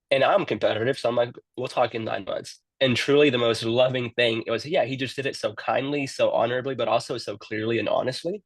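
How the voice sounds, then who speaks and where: A man's voice: mid-range voice, steady tone, fast talker, hardly any pauses, no echo. A man who works in youth ministry, telling his story in a casual interview and often repeating words as he starts a sentence.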